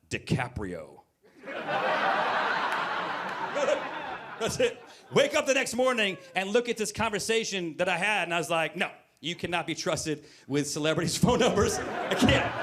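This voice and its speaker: High-voiced man in his forties telling stand-up stories. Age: 40s. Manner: animated, acts out both sides of conversations with quick voice shifts. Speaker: stand-up comedian. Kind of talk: stand-up comedy storytelling. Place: brewery stage before a live audience.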